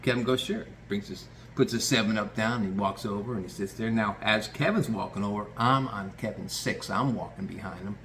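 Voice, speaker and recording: A man's voice: on the low side, a little fast, few pauses, a bit bright, slight background noise. Rambling, foul-mouthed male storyteller. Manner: rambling, swears casually, restarts often. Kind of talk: casual spoken storytelling.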